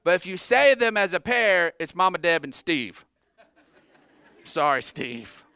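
Male pastor, middle-aged, clear and smooth, animated sermon delivery with jokes. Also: high-pitched, measured pace, dry recording. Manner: animated, joking asides to the congregation. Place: church sanctuary.

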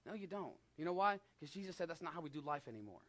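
A man's voice: fairly high pitch, expressive, fast. Emphatic West Texas preacher man. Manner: conversational preaching, rising to emphatic peaks, drops to hushed asides. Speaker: pastor. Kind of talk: sermon.

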